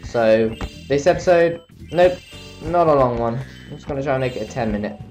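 A man's voice: medium pitch, fairly quick, a little mellow, faint music behind. A tired young man giving rambling, self-mocking commentary while playing a video game. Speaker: let's play commentator. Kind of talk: casual gameplay commentary.

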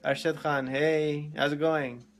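A man's voice: fairly high pitch, flat delivery, unhurried, soft background music. A man hosting a casual live stream, greeting viewers by name and laughing easily.

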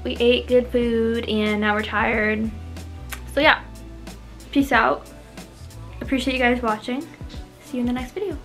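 A young woman hosts her travel vlog in a casual, playful way, teasing her friend and giggling often. Her voice sits high, and music plays clearly underneath. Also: fairly even intonation, a little slow, pauses often, a bit bright. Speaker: vlog host. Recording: music bed under the talk.

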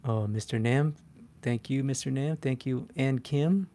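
Man, art instructor on a live stream; chatty, animated, self-mocking, filler-heavy. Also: mid-range voice, measured pace. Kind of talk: live-stream drawing demo, answering chat.

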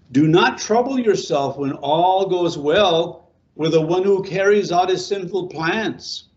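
A middle-aged pastor giving an informal sermon to a small congregation, talking conversationally, asking them questions and repeating words. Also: male voice, on the high side, muffled recording.

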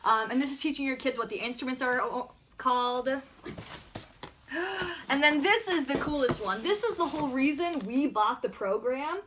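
A high-pitched young woman gushes through a casual home vlog, bubbly and excitable as she chats to her toddler between remarks. The recording carries a clear layer of background noise. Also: normal speed. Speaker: mom vlogger. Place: home room with backdrop.

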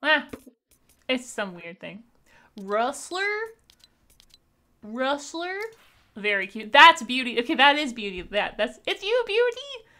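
A young woman from Canada talks to her live-stream viewers over gameplay, bubbly and quick to laugh. Her voice sits a touch high and rings very bright. She chats casually, as if in a home streaming setup. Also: animated. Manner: bubbly and chatty, thanks viewers, laughs often.

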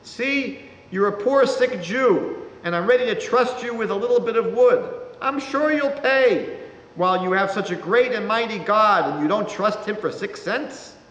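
A man voicing a kindly rabbi disguised as a peasant woodseller, loud and reassuring. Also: sits high, animated, moderate pace, pitched above the performer's own voice. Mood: reassuring, chiding. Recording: reverberant lecture hall.

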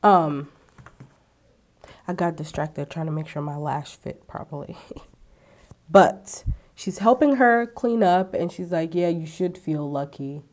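A young woman with a slightly low-pitched voice talks through a TV episode in a loose, chatty way. She throws in sassy asides and acts out quotes with relish. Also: slow pace, pauses often, a little mellow. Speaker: TV recap vlogger. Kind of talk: casual chatty recap. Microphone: ring-lit camera setup at home.

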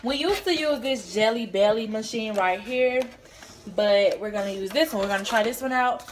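Talking to her phone camera at normal speed, a young woman with a fairly high voice vlogs casually, with slight background noise around her. She's chatty, a bit breathless, and says "y'all" to her viewers.

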